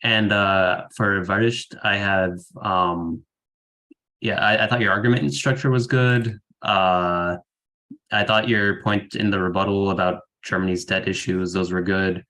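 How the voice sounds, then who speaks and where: A man's voice: deep voice, fairly even intonation, measured pace, bright, forceful tone, rough recording. A young man judging a debate over a video call, giving casual feedback with many fillers. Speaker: debate judge. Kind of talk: spoken feedback.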